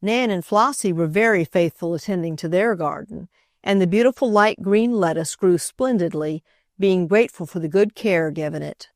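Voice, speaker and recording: A woman's voice: lowish voice, normal speed, a little mellow, no echo, clean studio sound. A woman narrating a children's classic audiobook, reading expressively and giving each character a voice. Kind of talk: scripted narration.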